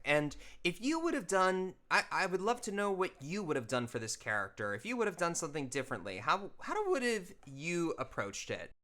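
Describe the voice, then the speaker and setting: Bright-voiced man chatting as he draws. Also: a little high, wildly swooping pitch, a little fast, hardly any pauses. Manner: rambling, with many fillers and self-corrections. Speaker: host. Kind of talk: casual commentary while drawing.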